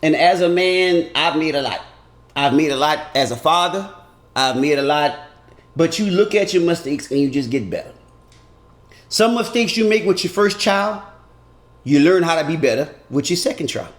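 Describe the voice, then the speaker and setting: A man doing an animated comedic monologue that turns earnest and preachy. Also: fairly high pitch, moderate pace, reverberant. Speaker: comedian vlogger.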